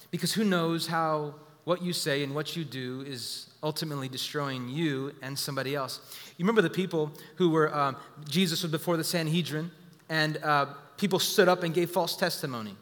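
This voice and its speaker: A man's voice: on the high side, fairly bright tone, big-room sound. A man preaching a sermon as pastor, emphatic and repeating key phrases to the congregation.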